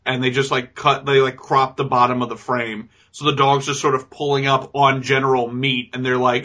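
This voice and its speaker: A man's voice: medium pitch, little pitch movement, normal speed, hardly any pauses, pushed and bright. A man co-hosting a casual movie review, sarcastically mocking scenes and acting out lines in goofy voices. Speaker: podcast co-host.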